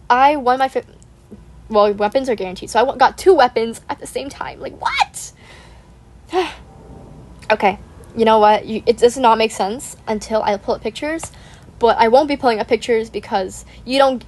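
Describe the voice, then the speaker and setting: A woman's voice: a little high, a little mellow. A young woman hosting a gaming channel, rambling in casual chat, saying "like" constantly, giggling and apologizing.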